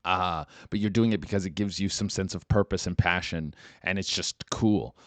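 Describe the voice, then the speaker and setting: A man hosting a podcast in casual, rambling talk, full of swearing and fillers, getting animated when excited. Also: low voice, moderate pace, no echo. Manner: rambling, profane, lots of "like" and "dude". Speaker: podcast host.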